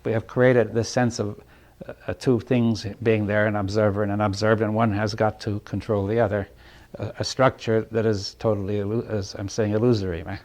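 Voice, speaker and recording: A man with a lowish voice and little pitch movement speaks at normal speed, giving a reflective talk to a small audience. He often starts phrases over, checks in with those listening, and lets out soft chuckles between points.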